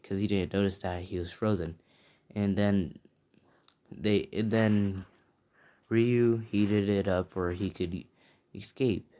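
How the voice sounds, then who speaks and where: A man's voice: sits low, fairly even intonation, slow, mellow. A man improvising a fan-made story, rambling casually with many fillers and restarts. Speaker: channel host telling a fan story.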